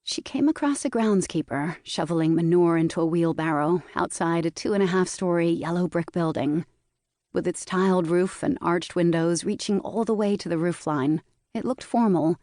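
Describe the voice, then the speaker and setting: A woman narrating a historical mystery audiobook in a measured storytelling manner, recorded in a booth. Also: lowish voice, mellow, no room sound, studio quality. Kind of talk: scripted narration.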